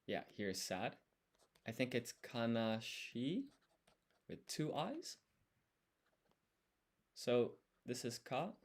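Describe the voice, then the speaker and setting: A man's voice: mid-range voice, big pitch swings, extremely slow, long pauses. A man streaming his language study, talking himself through each step as he writes. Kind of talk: thinking aloud while writing.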